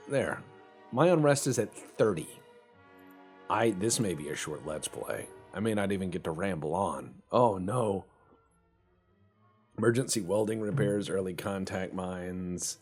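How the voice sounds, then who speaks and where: A man's voice: deep voice, animated, a little slow, darkish tone, husky, soft background music. A man chatting casually and rambling while commentating a strategy game, swearing now and then. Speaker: gaming channel host.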